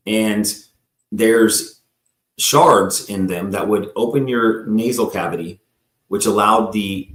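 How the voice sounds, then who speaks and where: On a live talk show, a guest with a fairly low voice rambles through a story from his own life, playing out the people involved and repeatedly addressing the host. There's a roomy echo on the recording.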